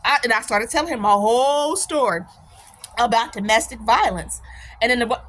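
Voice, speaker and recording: A woman's voice: fairly high pitch, moderate pace, fairly bright tone, slight background noise. A woman host telling a personal story in a casual, emphatic way, laughing often. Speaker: channel host.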